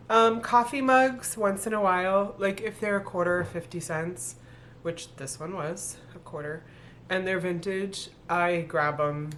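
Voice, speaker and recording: A middle-aged woman with a lowish voice talks casually through her thrift finds. She thinks aloud and corrects herself as she goes. A faint room hiss sits underneath her voice. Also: a bit bright. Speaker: thrift reseller vlogger. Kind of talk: casual haul video talk.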